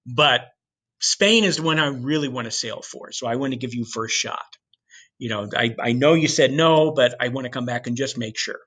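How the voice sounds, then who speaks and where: A man voicing an eager adult explorer pitching his plan in an earnest, salesman-like way. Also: a bit bright, breathy edge. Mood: persuasive. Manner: earnest, salesman-like, talks fast.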